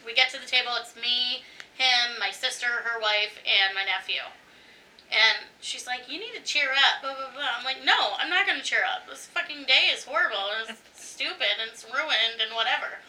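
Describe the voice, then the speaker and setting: A podcast co-host with a high, piercing, bright voice tells a story in casual chat, animated and quick to laugh and swear. She sounds slightly distant from the mic.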